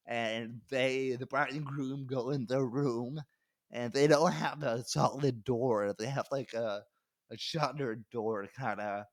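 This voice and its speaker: A young adult male comedian, guesting on a podcast, tells a loose, rambling story, swearing and laughing mid-sentence. His medium-pitched voice is steady and unhurried, with no room sound.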